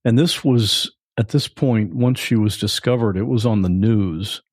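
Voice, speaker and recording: Low-voiced male podcast host. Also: unhurried. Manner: calm, brief, probing questions. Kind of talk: interview questions.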